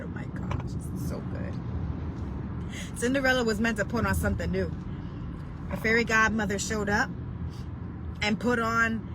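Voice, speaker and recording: A woman preaching with deep emotion, telling a story that builds toward heartfelt cries. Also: background noise. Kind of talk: impassioned devotional preaching.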